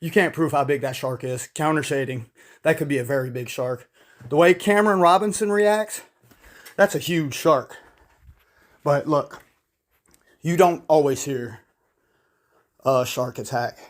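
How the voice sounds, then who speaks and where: A man's voice: a little high, measured pace, long pauses. A man giving casual video commentary in a blunt, opinionated, rambling way. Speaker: YouTube commentator.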